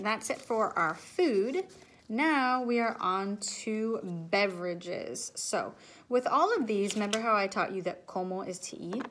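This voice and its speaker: A woman teaching children, speaking patiently and pausing so they can repeat each word after her. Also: mid-range voice, a bit bright. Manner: slow, patient, drills words and waits for repeats. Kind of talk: recorded classroom lesson, call and repeat.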